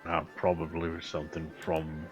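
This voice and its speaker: A man playing a tabletop game, joking around in slow, unhurried speech. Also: extremely low pitch, monotone, soft background music. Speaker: player. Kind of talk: casual tabletop role-play.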